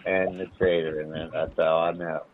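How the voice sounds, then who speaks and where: A man talking casually, musing about faith and spirit in a gravelly voice. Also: sits low, flat delivery, normal speed, narrow, tinny audio, a little hiss or hum. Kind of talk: casual chat.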